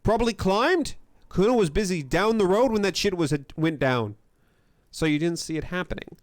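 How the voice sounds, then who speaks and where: A man's voice: on the high side, big pitch swings, a little fast, dry recording, clean studio sound. A man doing Kuno, a swaggering foul-mouthed boy. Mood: cocky. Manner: swaggering, crude, speaks of himself by name. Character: foul-mouthed boy of about twelve, high and cocky.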